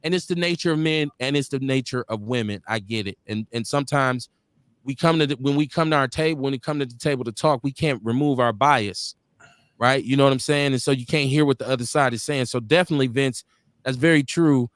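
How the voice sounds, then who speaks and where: A middle-aged man hosting a casual live talk show, animated and swinging his pitch when he quotes people. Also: fairly quick, dry recording. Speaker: radio show host.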